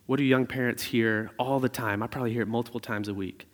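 A man's voice: mid-range voice, fast talker. Man preaching in a reverberant hall. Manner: conversational preaching with animated storytelling asides. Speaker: pastor. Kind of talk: sermon.

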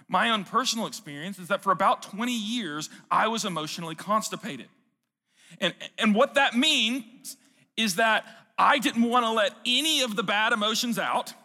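A man preaches in a high, bright voice. He talks earnestly and conversationally and keeps asking the room questions. A long hall reverb trails each phrase. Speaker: pastor. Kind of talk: sermon.

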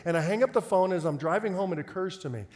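A man preaching a storytelling sermon, lively and acting out the voices of people he quotes. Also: high-pitched, fast. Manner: animated, acts out quoted voices. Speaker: pastor.

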